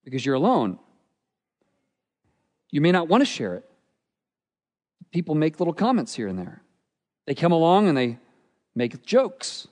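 A pastor preaching a sermon with earnest, expressive delivery, often dropping to a quiet, intense tone. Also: male voice, fairly high pitch, unhurried, long pauses. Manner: earnest, expressive preaching with dramatic drops in volume. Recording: long hall reverb.

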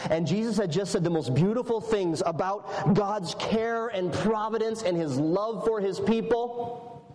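A man with a high voice preaches a sermon, talking to the congregation in a conversational, animated way. His voice rings through a roomy church hall with a long reverb tail. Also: a little slow. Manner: conversational and animated, shifting voice for emphasis.

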